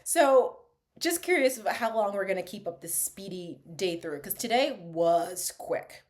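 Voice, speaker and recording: Chatty, laughing woman reviewing a show. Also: mid-range voice. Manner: chatty and animated, laughs often, drops to asides. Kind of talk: casual reaction vlog.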